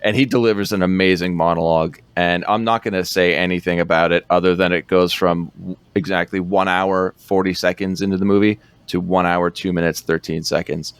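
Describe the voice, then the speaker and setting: A man's voice: sits low, level tone, brisk, hardly any pauses, clean tone, dry recording. A man co-hosting a podcast, rambling through a film recap in casual chat, laughing often.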